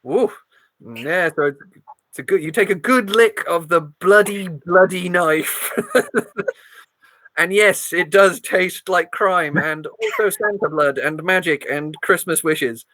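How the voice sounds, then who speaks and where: A woman's voice: fairly low pitch, takes it slowly, fairly bright tone, no room sound, low-quality recording. A woman running a tabletop role-playing game as game master, narrating in a giggly, playful way.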